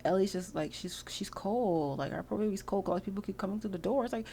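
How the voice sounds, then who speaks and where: Young woman, casual gameplay commentary; rapid, slangy, a bit of gravel in a lowish voice. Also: warm tone, a little hiss or hum. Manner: slangy, chatty, swears freely. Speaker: gameplay video host.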